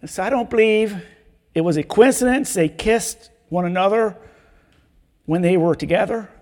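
A man preaching a sermon, reading Bible verses in a measured way and repeating key words for emphasis. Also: sits high, darkish tone. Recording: long hall reverb.

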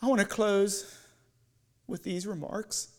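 Very high-voiced man preaching slowly. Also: steady tone. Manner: slow guided imagery, building then softening. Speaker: lay preacher. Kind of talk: evening sermon. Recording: long church hall reverb.

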